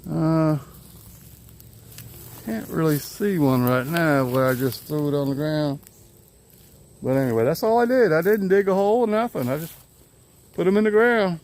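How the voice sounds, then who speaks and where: A man's voice: fairly high pitch, lively intonation, moderate pace, pauses often, a little mellow, a little hiss or hum. An older man, vlogging casually to his phone camera outdoors in his yard. He rambles in an easygoing way and chuckles often. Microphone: handheld phone camera.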